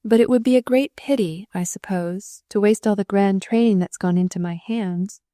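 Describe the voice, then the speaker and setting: A woman's voice: medium pitch, moderate pace, warm tone, no room sound, studio quality, natural voice. A woman voicing a timid, earnest young female nurse in an audiobook, stammering and plaintive. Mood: worried. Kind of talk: audiobook character voice.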